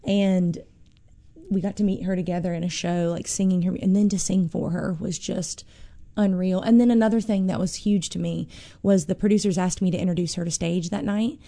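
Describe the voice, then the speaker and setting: A woman's voice: on the low side, fairly even intonation, brisk, warm tone. A woman, a musician guest in an interview, telling an emotional story with many fillers.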